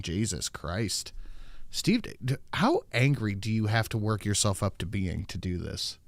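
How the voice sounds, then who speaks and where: A man's voice: fairly low pitch, very animated, unhurried, creaky, dry recording, studio quality. A man hosting a livestream, chatting casually and cursing as he reads out viewers' messages. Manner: casual, profane, reads chat names aloud. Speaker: livestream host. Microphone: desk microphone.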